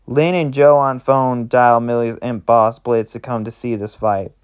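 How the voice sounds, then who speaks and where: Smooth-voiced man reading a roleplay. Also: medium pitch, steady tone, unhurried. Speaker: roleplay narrator.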